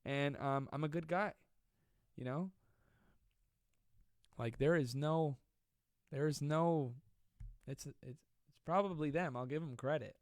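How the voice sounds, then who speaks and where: A man's voice: a little high, slow, long pauses, no echo. A man hosting a casual comedic live stream from home, joking and self-mocking as he rambles between stories and reading comments. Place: at home during quarantine. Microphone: close desk mic.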